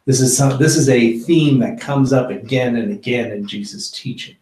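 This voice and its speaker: A man's voice: mid-range voice, normal speed, darkish tone, roomy sound, slight background noise, rough recording. A man leading an informal Bible study, talking in a loose conversational way with lots of fillers and restarts. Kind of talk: informal Bible teaching with discussion.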